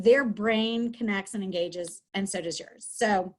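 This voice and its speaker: A woman's voice: a little high, normal speed. A middle-aged woman, a school counselor, giving an upbeat, chatty webinar lesson from home over a video call, with many fillers. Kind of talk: webinar teaching talk.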